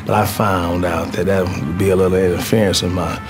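A man's voice: low voice, flat delivery, a little fast, music in the background, close to an everyday voice. A man voicing a fussy, chatty character fixated on hand lotion, in a comedy sketch. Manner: chatty, fussy, rambling with hesitations.

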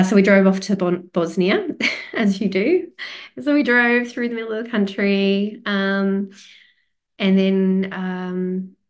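A middle-aged woman from Australia with an Australian accent, telling a casual travel story as a podcast host, chatty and rambling with many fillers. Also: mid-range voice.

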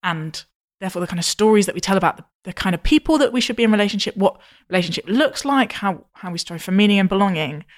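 Chatty, animated female podcast host. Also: medium pitch, quick pace, few pauses. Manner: animated, chatty, long self-interrupting interjections. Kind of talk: podcast conversation.

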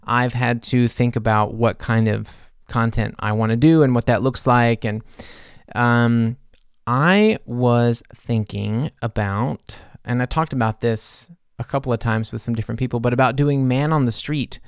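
A man's voice: mid-range voice, fairly even intonation, measured pace, clear, resonant tone, dry recording, clean studio sound. A man hosting a podcast as a musician, rambling casually with many fillers and self-corrections. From United States. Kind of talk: casual chat.

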